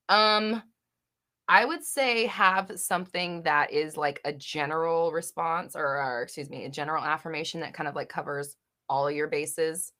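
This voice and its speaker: A young woman with a bright, slightly low voice chats live at her desk mic from home. She reads viewers' comments aloud and answers them in a giggly, rambling way. She is full of fillers and drops the occasional swear. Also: a little slow. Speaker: host of a live Q&A chat. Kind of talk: casual live-stream chat, reading comments. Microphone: desk microphone.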